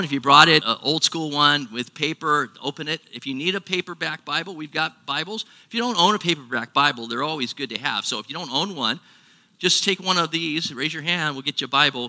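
A man's voice: a little high, sharp tone, in a large hall. A man preaching a sermon to his congregation in a casual, conversational way, joking and asking them questions. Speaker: pastor.

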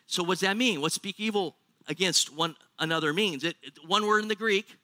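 American male pastor, jokey and questioning with the crowd, high bright voice. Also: normal speed, dry recording. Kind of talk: sermon. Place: church.

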